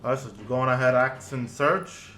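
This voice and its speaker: A man running a tabletop game as game master, narrating actions casually with spoken booms. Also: moderate pace, slight background noise. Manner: relaxed narration with sound-effect booms.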